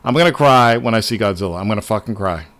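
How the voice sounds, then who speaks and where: A man hosting a casual livestream, talking excitedly and swearing often as he rambles to his viewers. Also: fairly low pitch, fast talker. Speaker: livestream host.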